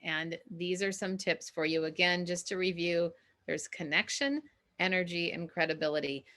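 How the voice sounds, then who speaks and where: A middle-aged woman from Minnesota, a communication coach teaching an online class in an energetic, emphatic and encouraging way. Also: fairly low pitch, moderate pace.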